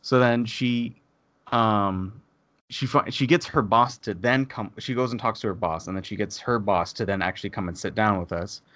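A man casually telling a long story on a podcast, animated and swearing, acting out the people he quotes. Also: fairly low pitch, normal speed, dry recording.

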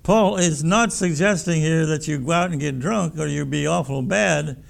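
Gravelly-voiced man preaching a folksy sermon. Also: a little high, normal speed. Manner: folksy, emphatic preaching with repeated words. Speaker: pastor.

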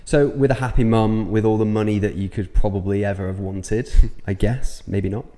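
A man hosts a podcast with a low, mellow voice, asking questions and giving brief, encouraging replies. His voice carries a long reverb, as if in a large room. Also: fairly even intonation, moderate pace. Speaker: podcast host. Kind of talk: interviewer's backchannel and questions.

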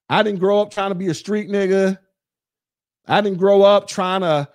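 A man in his forties hosting a podcast, ranting bluntly with mocking, profane talk. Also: high voice. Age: 40s. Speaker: podcast host. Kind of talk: casual rant.

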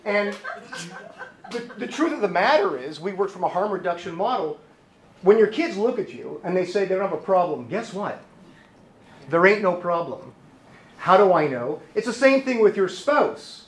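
Male therapist presenting, lively and funny, high animated voice, echoey hall, faint noise. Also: moderate pace. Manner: lively and joking, acts out voices. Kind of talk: humorous conference talk. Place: conference hall.

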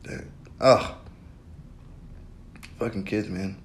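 A man's voice: lowish voice, fairly even intonation, extremely slow, a little hiss or hum. A young man hosting a podcast alone, rambling in a casual monologue, swearing constantly and breaking into laughter. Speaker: podcast host.

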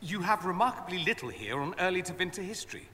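A man's voice: sits high, very animated, quick pace, pushed and bright, slight background noise, exaggerated voice. An actor playing a haughty, refined male mage in a video game, speaking with a sardonic, cultured delivery. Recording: game audio with long reverb and faint ambience.

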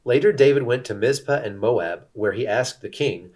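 A man reading scripture aloud as scripted narration, steady and measured. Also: medium pitch. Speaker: scripture reader.

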